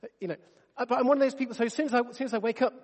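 A man's voice: extremely high pitch, fairly even intonation, racing, long reverb tail. A man in his thirties preaching a sermon, earnest and conversational, often restarting his sentences. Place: church.

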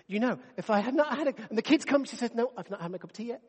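A man's voice: sits high, racing, hardly any pauses, breathy edge, long reverb tail. A man in his thirties preaching a sermon, earnest and conversational, often restarting his sentences. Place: church.

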